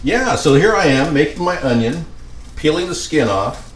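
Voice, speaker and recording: A man with a slightly high voice and lively intonation rambles and jokes with viewers at normal speed while cooking in his home kitchen. He's a home cooking vlogger, recorded far from the mic in a roomy space with faint ambience and a bit of hiss or hum.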